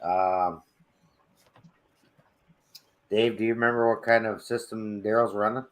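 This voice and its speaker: Low-voiced man asking quick questions. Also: fairly even intonation. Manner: asks short questions. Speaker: guest in hangout. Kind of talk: casual chat.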